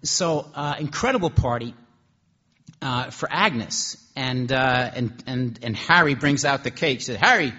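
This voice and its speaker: Husky-voiced preacher telling a story. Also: male voice, medium pitch, measured pace, bright, forceful tone, dull audio. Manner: conversational, with restarts. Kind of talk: sermon storytelling.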